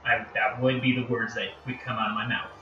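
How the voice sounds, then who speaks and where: A man's voice: mid-range voice, level tone, a little fast, far from the mic, lo-fi sound, slight background noise. A man with a Northern American accent, chatting casually and rambling while live-streaming a game, self-deprecating and easily sidetracked. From United States. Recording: roomy, off-mic, music behind.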